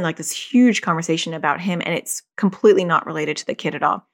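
A middle-aged woman therapist chats casually about parenting, her voice sitting a little low. She tells her stories in an animated way, laughing and slipping into the voices of the people she quotes. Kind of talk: casual advice talk.

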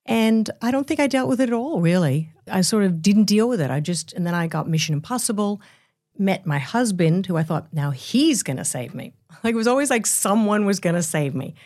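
A woman's voice: mid-range voice, expressive, a little fast, darkish tone. A woman in her seventies, a guest in an interview, talking candidly in a rambling, storytelling way. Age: 70s. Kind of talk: casual interview.

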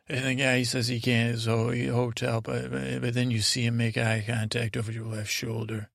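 A man telling a meandering, improvised bedtime story in a halting way, with many restarts and trailing asides. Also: flat delivery, fairly bright tone, no room sound, studio quality. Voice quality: gravelly, low-key drone. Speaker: sleep podcast host.

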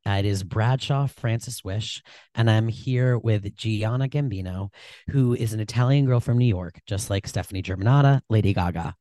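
A man co-hosting a casual podcast chat, joking and teasing with lively energy, on a desk mic in a dry room. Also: fairly low pitch, moderate pace, no room sound. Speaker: podcast co-host. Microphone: desk mic on a short stand.

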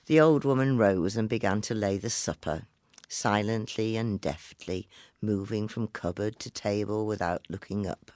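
A man reading a story aloud in a measured, expressive way. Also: lowish voice, no room sound, studio quality. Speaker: narrator.

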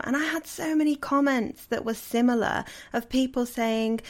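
A woman's voice: a little high, lively intonation, normal speed, hardly any pauses. A woman hosting a solo podcast, talking in an earnest, reflective, conversational way as a coach.

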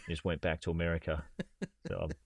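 A man's voice: low-pitched, flat delivery, quick pace, gravelly, no room sound. A man, co-hosting a podcast and telling stories in a dry, sardonic way. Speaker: podcast co-host. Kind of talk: casual comedy chat.

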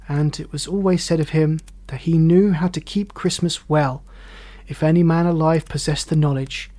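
A man reading a classic story aloud as narrator, expressive and measured. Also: fairly high pitch.

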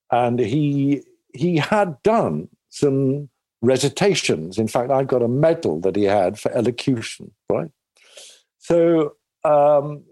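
A man's voice: mid-range voice, darkish tone, no room sound. A man from England, a guest actor in an interview, telling stories in a rambling way with many restarts. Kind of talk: casual interview talk.

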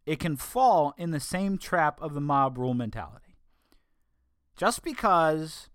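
A man giving an opinion monologue, emphatic with sarcastic asides, slowing down to stress key words. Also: on the high side, fairly bright tone, no room sound, clean studio sound. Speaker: political commentator.

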